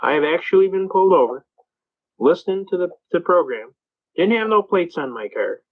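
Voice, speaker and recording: A man with a slightly high voice talks fast and folksy, spinning stories to an audience as he teaches. His voice comes through a dull, lo-fi recording with the top end missing. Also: animated. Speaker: speaker on self-representation in court. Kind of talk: folksy storytelling lecture.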